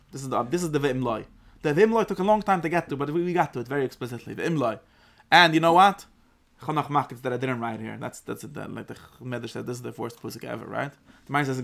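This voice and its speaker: Animated gravelly man teaching a Torah class. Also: mid-range voice. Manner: animated, acts out the verse in God's voice.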